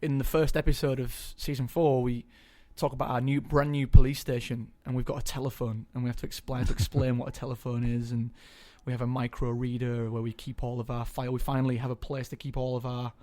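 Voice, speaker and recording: A young man talking casually as an interview guest, chatty and hesitant, filling pauses with ums. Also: mid-range voice, level tone, mellow. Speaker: guest actor.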